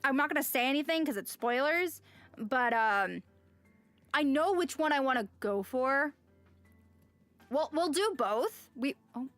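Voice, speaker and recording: Female streamer with a high voice, chatty, sighs a lot, faint music behind. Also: fairly bright tone. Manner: chatty, with frequent sighs and exclamations. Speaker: game streamer. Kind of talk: casual live-stream chat and reading game text aloud.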